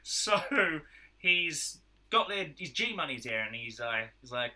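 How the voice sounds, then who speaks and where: An Australian man on a casual podcast, telling a film's story with animated energy. His voice is very bright and sharp, and he is at a middle pitch for a man. He slips into the characters' voices as he recaps the plot. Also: measured pace. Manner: animated retelling, acts out characters' lines. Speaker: podcast co-host. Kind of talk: casual film review chat.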